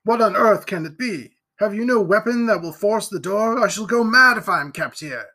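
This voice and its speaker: A man reading aloud and voicing a bold middle-aged man who gives urgent, shouted orders. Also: high voice, lively intonation, normal speed, voice pushed up, heavily acted.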